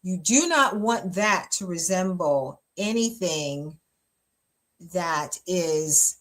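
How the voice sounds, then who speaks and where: A woman's voice: lowish voice, lively intonation, slow pace, fairly bright tone. A woman pastor talking casually about relationships, chatty and emphatic, with lots of fillers and easy laughter. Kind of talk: casual relationship advice talk.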